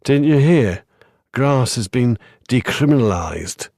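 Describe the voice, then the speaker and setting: A man's voice: mid-range voice, expressive, slow pace, a little mellow, dry recording, clean studio sound. A man voicing a lazy, educated male student in his late teens with an English Home Counties accent and a drawl.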